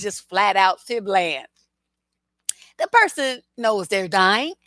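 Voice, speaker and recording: A woman's voice: mid-range voice, sing-song, slow, a bit bright, no echo. A woman relationship coach telling stories in casual commentary, laughing through her anecdotes and talking bluntly with profanity.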